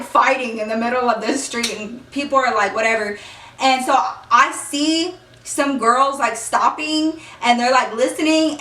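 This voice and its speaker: A woman's voice: sits high, bright, forceful tone, roomy sound, recorded from a distance. A young woman in a storytime vlog, animatedly telling a personal story and acting out the dialogue. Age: young adult. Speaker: vlogger.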